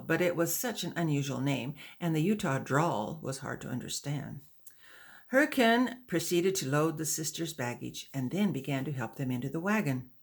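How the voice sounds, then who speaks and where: A woman author reading a chapter of her own novel aloud in a gentle, measured storytelling manner. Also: sits low, creaky, slightly rough.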